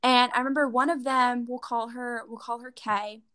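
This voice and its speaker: A teenage girl telling a school lunch story in a chatty, animated way, full of "like". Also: a little high, normal speed, slight background noise. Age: teens. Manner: chatty, fillers like "like", animated retelling. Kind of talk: casual chat.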